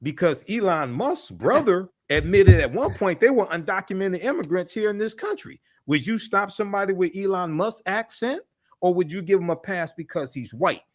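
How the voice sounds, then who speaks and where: Male panelist, slightly high pitch, forceful political commentary with frequent filler pauses. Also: lively intonation.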